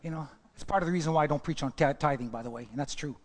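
A man preaching a sermon and telling a story, swinging between loud exclamations and hushed whispers. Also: a little high, racing. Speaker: pastor. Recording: long hall reverb.

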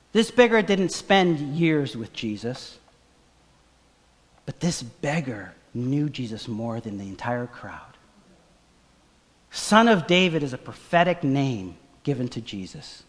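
A man preaching a sermon as pastor, acting out the story and swinging from hushed lines to loud, excited ones. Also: fairly high pitch, long reverb tail. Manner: dramatic, swings from hushed to shouting. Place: church.

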